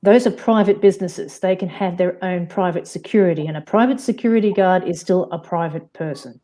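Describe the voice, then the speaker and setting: A woman's voice: on the low side, brisk, mellow. A woman with an Australian accent, a guest on a live-stream panel, arguing insistently with many restarts. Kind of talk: heated casual argument.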